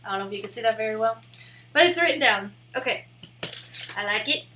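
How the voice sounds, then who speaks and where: A woman's voice: on the high side, animated, fast, bright, forceful tone, a little hiss or hum. A young woman streaming live, rambling in a casual, giggly way with lots of "like" fillers. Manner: rambling and giggly, heavy use of "like".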